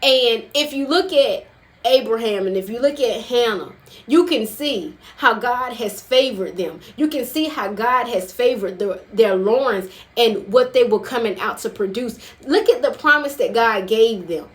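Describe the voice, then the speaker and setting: A woman preaches in a casual, conversational sermon, her voice sitting a little high. She hammers her points home by saying them again and again, and she keeps turning to the listeners with folksy asides. The delivery is emphatic and personal, more like talking to friends than reading from a pulpit. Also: expressive, unhurried. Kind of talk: informal sermon.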